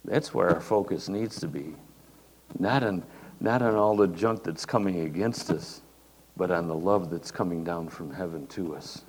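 A man's voice: low-pitched, moderate pace, a little mellow. An older man preaching a sermon in a folksy, conversational way. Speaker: pastor. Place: church hall. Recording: reverberant hall, faint noise.

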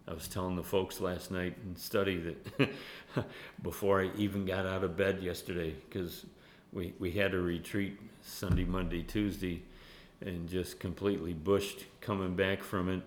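A man preaching a sermon in an animated way, laughing often and dropping to a hushed tone when he voices prayers. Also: low voice, moderate pace, reverberant, slight background noise. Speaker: pastor. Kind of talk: sermon with Bible study.

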